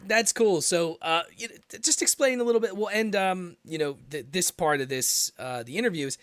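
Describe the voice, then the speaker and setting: A male podcast host asks loose, rambling questions full of fillers. His voice is fairly high, lively and bright, and it is recorded dry and close. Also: fairly quick, no echo. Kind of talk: casual podcast interview.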